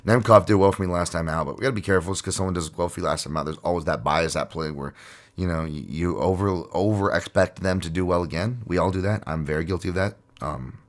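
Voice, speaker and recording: Low-pitched man, solo podcast host, rambling casual talk, swears a lot, lots of fillers. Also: quick pace. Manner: rambling and profane, with frequent fillers and laughs.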